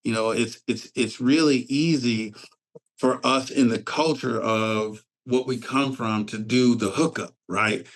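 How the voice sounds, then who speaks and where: Gravelly man telling a lively story. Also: mid-range voice, unhurried. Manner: animated, acts out quoted voices. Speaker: fatherhood summit organizer. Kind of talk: casual storytelling.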